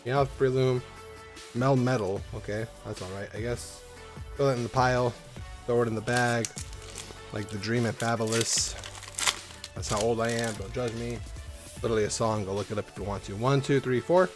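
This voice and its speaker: A man vlogging as he opens trading card packs at home. He rambles, swears freely and now and then breaks into loud, excited whoops. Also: medium pitch, normal speed, long pauses, music in the background. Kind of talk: casual rambling vlog. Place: at home in an apartment.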